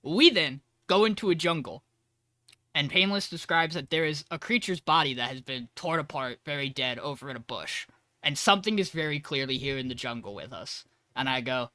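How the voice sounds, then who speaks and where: A man's voice: on the high side, expressive, brisk, sharp tone, dry recording, clean studio sound. A man co-hosting a podcast, casually retelling a tabletop game session and acting out quoted lines. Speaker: podcast co-host. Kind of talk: casual storytelling recap.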